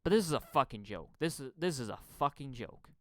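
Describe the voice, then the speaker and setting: A man from Canada hosting a podcast, ranting angrily about politics. He swears a lot, stammers and repeats words, and swings between loud outbursts and muttering. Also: medium pitch, expressive, a little fast, no room sound. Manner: profane, stammering, repeats words when heated. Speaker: podcast host. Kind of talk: angry political rant.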